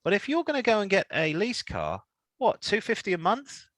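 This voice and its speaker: Lively chatty man. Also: sits high, normal speed, dry recording, rough recording. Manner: rambling, chatty, lots of fillers. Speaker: podcast co-host. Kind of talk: casual car chat.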